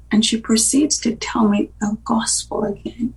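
A woman giving an earnest personal testimony as a radio interview guest, dropping to hushed tones at tense moments. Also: on the high side, steady tone, a little slow, hardly any pauses. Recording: voice distant from the mic.

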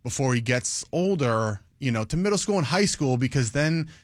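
A man's voice: mid-range voice, moderate pace, dry recording. Guy hosting morning radio, chatty, laughs a lot, super dry studio sound. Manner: chatty, laughs often, lively delivery. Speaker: radio morning show host. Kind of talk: casual morning radio chat.

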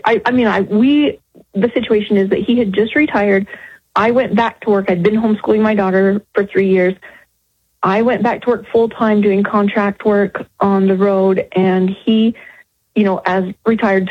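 A woman calling in to a radio show, talking in an emotional, halting way with many restarts. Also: medium pitch, steady tone, slightly rough, dry recording. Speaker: caller. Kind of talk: radio call-in. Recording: muffled phone line.

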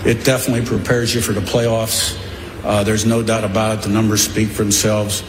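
A man speaking as a college football head coach at a press event, blunt and boastful, pausing on fillers. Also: on the low side, flat delivery. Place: media day event room. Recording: echoey hall, faint room noise.

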